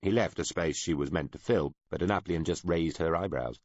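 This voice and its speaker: A man narrating an audiobook in a measured storytelling way. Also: sits low, no echo, lo-fi sound. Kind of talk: scripted narration.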